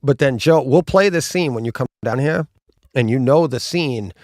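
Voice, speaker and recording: A man hosting a casual live talk about home theater, telling stories animatedly and acting out gunshot booms. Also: normal speed, dry recording, studio quality. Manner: animated, acts out gunshot sounds. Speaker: host. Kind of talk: casual chat.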